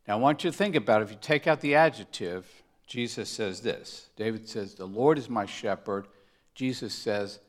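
A man preaching a sermon, swinging between loud emphatic punches and hushed, near-whispered asides. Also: medium pitch. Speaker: pastor.

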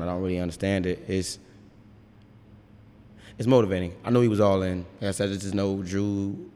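Low-voiced man in a reverberant brewery. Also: a little mellow, smooth. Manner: rambling, frank, swears freely. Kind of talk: casual interview chat.

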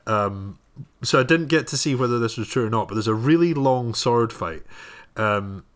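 A man's voice: medium pitch, expressive, moderate pace. A man co-hosting a casual podcast chat about films, with dry, teasing banter. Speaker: podcast co-host.

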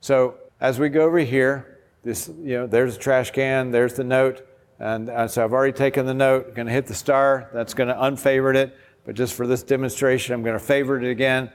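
A pastor gives an enthusiastic, informal workshop presentation, walking through a discipleship app step by step. His medium-pitched voice is brisk with fairly even intonation, recorded in a hall with long reverb.

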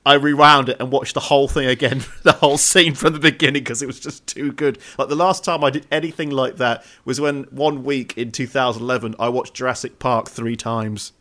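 A man's voice: mid-range voice, fairly even intonation, a little fast, hardly any pauses, bright, forceful tone. A man co-hosting a casual film podcast, talking with eager enthusiasm and frequent restarts. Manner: enthusiastic, gushing, stumbles and restarts. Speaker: podcast co-host.

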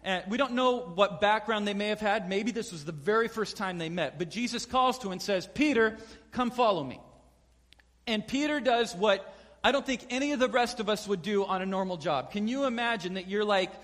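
Male pastor, high voice, lively sermon delivery with acted-out quotes, long hall reverb. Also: a little fast. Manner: animated storyteller acting out quotes.

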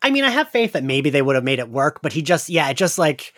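Man, casual podcast host, lots of fillers and laughs, animated melody, close dry sound. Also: on the high side, fast talker, dry recording. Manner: chatty, laughs often, many fillers. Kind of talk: casual chat.

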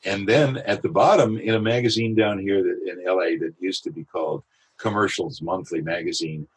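A male voiceover artist telling a lively anecdote in an interview, with a husky voice. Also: sits low, moderate pace, low-quality recording. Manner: animated anecdotal storytelling. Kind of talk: storytelling in an interview.

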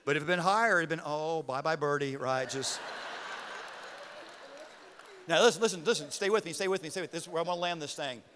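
A middle-aged man preaching a sermon as pastor, telling a story with animated outbursts. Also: fairly high pitch, fast talker, long pauses, some chatter behind, a little hiss or hum. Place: church auditorium. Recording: reverberant hall with music.

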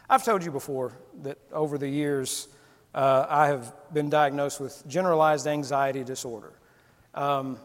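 Male preacher, candid and chatty, higher pitch, reverberant church hall. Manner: conversational, candid, acts out quotes. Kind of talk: sermon. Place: church sanctuary.

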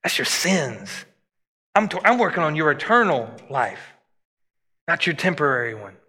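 A man preaching with a high, very bright and forceful voice. He rises and drops for emphasis as he delivers the sermon, and a long reverb trails after him in the sanctuary. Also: normal speed, slightly rough. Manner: animated preaching, voice rising and dropping for emphasis. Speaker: pastor.

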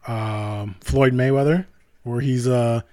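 Casual male co-host, mid-pitch, dry booth sound, playful storyteller who slips into character voices. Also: steady tone, takes it slowly, darkish tone, dry recording. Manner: laughs often, acts out scenes with put-on voices. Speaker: podcast co-host. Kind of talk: casual chat.

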